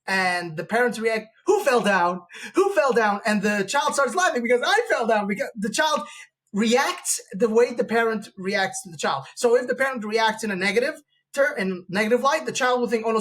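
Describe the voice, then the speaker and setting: A man's voice: high voice, a bit bright. Man hosting, rambling opinionated talk. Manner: rambling, with frequent restarts and acted-out quoted voices. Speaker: podcast host. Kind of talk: opinionated conversational monologue.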